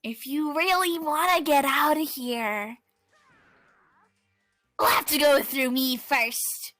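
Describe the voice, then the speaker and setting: A woman's voice: high-pitched, slow, fairly bright tone, dry recording, faint music behind. A woman playing a gleeful, mocking robot bear headmaster. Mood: hammy defiance. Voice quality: sing-song, mocking, theatrical. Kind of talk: fan dub voice acting.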